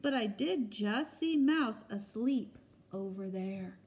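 A woman's voice: on the high side, lively intonation, slow pace, a little mellow, slightly rough, full character voice. A woman doing a coy fibbing monster. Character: sly monster pretending to be small.

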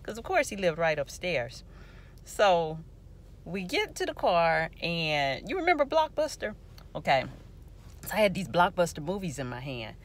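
A woman in her forties telling a personal story to her viewers in an animated, lively way. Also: on the low side, moderate pace. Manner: animated, lively storytelling with playful quoted voices. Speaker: vlogger remembering a friend.

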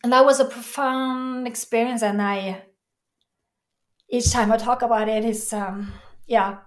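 Fairly high-pitched and steady in tone, a woman being interviewed tells a personal story. She comes across as earnest and emotional, pausing and restarting throughout.

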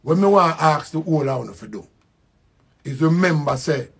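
An older man with a Jamaican accent giving a slow, reflective spoken tribute, repeating his phrases. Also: a little high, lively intonation, gravelly, husky. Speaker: musician.

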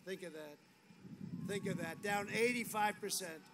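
A man's voice: high-pitched, normal speed. A man giving a rambling, boastful rally speech outdoors, full of repetition and asides. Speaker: political speaker at a rally. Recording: noisy outdoor rally audio.

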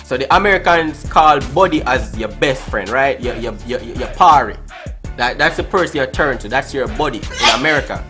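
A man's voice: mid-range voice, animated, normal speed, sharp tone, soft background music. A Jamaican man hosting a casual vlog, teasing and joking as he flirts with strangers on a video chat app, slipping into patois and calling everyone bro. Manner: playful, teasing, drops into patois, says "bro" often. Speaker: YouTuber host.

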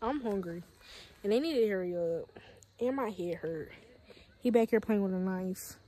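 A young woman filming a casual selfie vlog on her phone from inside a car, chatty and excitable, sometimes hollering. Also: mid-range voice, normal speed, low-quality recording. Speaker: vlogger. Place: inside a car on a road trip. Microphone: phone held at arm's length.

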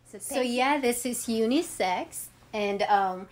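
A woman in her thirties talking heartfelt and emotional in a personal vlog, with many ums and pauses. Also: a little high. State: emotional, near tears. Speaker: vlogger.

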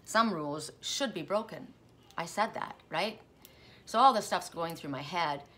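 Woman with a deep voice, bright and forceful, rambling casual storytelling, faint hiss behind. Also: expressive, measured pace. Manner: rambling, self-interrupting. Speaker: tarot reader.

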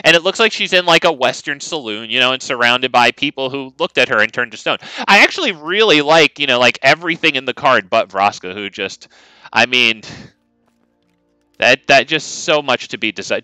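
A man's voice: mid-range voice, sharp tone, clear, resonant tone, no echo. A man streaming a card game who rambles in casual commentary, swearing freely and restarting his sentences often. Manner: rambling and profane, frequent restarts.

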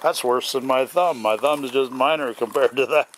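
A man's voice: medium pitch, moderate pace, a bit bright, a little hiss or hum. A man filming his puppies, talking to them in a raised, coaxing voice. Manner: talks to the dogs in a raised, coaxing voice. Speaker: dog owner filming puppies. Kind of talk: casual talk to puppies while filming.

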